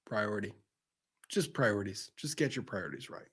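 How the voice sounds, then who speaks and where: A man hosting a show, delivering a heated, profane rant that swings between loud outbursts and low, intense repetition. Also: sing-song, moderate pace, breathy edge. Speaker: show host. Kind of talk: ranting commentary.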